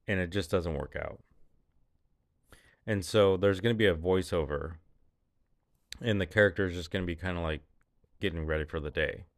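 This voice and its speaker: Man, low voice, rambling, casual vlog, dry room. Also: no echo. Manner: rambling, laughs often. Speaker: filmmaker describing his short films.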